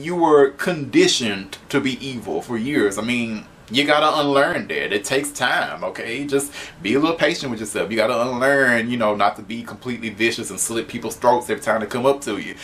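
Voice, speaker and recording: A man's voice: mid-range voice, a bit bright, a little hiss or hum. A man giving a casual spoken comic book review, chatty, laughing often and swearing freely.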